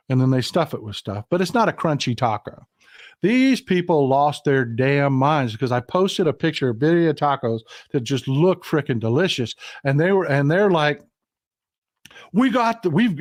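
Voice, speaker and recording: A man's voice: fairly high pitch, no room sound, clean studio sound. Folksy man hosting a livestream. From Texas. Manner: folksy, hot-tempered storytelling, addresses viewers as folks. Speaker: livestream host. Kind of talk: casual political livestream talk.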